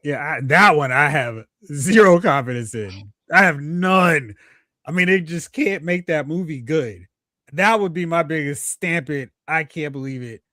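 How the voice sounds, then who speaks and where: A man's voice: on the high side, expressive, unhurried, bright, forceful tone, no echo, studio quality. A man hosting a casual movie podcast, teasing his co-hosts and reading out comments from the chat. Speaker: podcast host.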